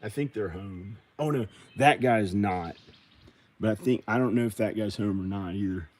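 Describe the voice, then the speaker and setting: A man's voice: lowish voice, normal speed, darkish tone. A man talking to himself as he films a casual vlog outside his house and in his car. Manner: rambling, talking to himself, giggly. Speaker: vlogger. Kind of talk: casual self-talk vlog. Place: outdoors near his house, then in his car.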